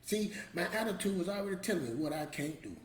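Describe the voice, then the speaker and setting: A man's voice: sits high, expressive, fast talker. A middle-aged man hosting a motivational show, talking casually and emphatically, repeating his points in a colloquial, preachy way. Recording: roomy echo with faint ambience.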